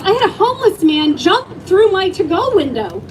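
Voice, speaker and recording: A middle-aged woman with a very high voice speaks to a crowd at an outdoor rally. Her talk is emotional storytelling that builds to rallying cries, with faint noise behind her. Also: big pitch swings, measured pace, low-quality recording. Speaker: rally speaker, restaurant owner. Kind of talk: impassioned speech to a crowd.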